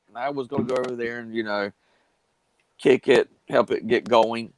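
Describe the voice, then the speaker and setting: A man's voice: mid-range voice, moderate pace, vocal fry, long pauses, no room sound, rough recording. A man, telling a long story casually on a live stream with plenty of fillers and restarts. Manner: drawling, rambling with many fillers and restarts.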